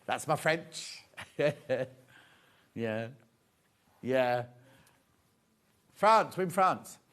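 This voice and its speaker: A man's voice: medium pitch, expressive, drawn-out words, fairly bright tone, smooth. A man presenting a live shopping show, with cheerful, chatty sales patter and asides to the crew behind the camera. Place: TV studio.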